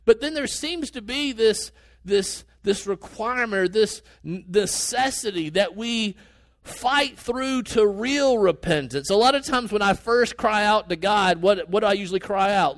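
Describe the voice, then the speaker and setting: High-voiced earnest male preacher. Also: very animated, normal speed, a bit bright, no room sound. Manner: earnest, conversational preaching with sudden rises in pitch and pace. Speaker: pastor. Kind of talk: sermon.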